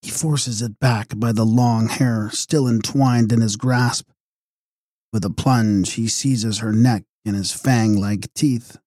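Male narrator, measured reading, mellow tone, dry close recording. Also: lowish voice, steady tone, no room sound. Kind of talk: audiobook narration of a gothic novel.

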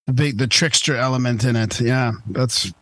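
A man hosting a podcast in a casual chat, eager and quick to agree with his guest. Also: medium pitch, bright, forceful tone, no echo. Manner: eager, with frequent agreeing interjections. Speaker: podcast host.

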